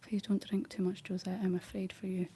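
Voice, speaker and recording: A young Scottish woman whispering soft ASMR chat, rambling gently to her viewers while she paints, close on the mic. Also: medium pitch, monotone, fairly quick, slight background noise. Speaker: ASMR livestream host.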